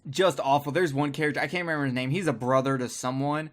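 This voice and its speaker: A man hosting a casual podcast, talking at a middle pitch. He rambles through restarts and drops crude jokes as he chats with friends. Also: fairly even intonation, fast talker, fairly bright tone. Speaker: podcast co-host.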